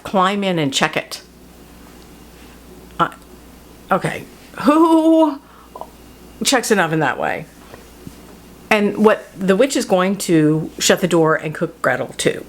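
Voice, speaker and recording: A woman talks through storybooks in a loose, chatty way. She laughs a lot and often breaks off mid-sentence. Her voice sits a little low, over a faint hiss of background noise. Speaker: host. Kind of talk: casual book talk. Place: home studio.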